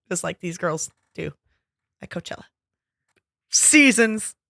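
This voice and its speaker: A woman's voice: on the low side, steady tone, vocal fry, no room sound, clean studio sound. A woman co-hosting a podcast in casual chat, joking and swearing freely. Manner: profane, joking, quick quips. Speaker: podcast co-host.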